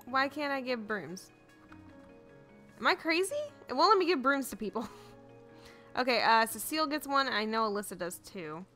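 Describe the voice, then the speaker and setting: A young woman rambling cheerfully through a farming game, giggly and quick to get flustered. Her voice is bright and sits fairly high, swinging widely in pitch. Soft background music plays under her chatter. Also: expressive. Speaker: gaming YouTuber. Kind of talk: casual let's-play commentary.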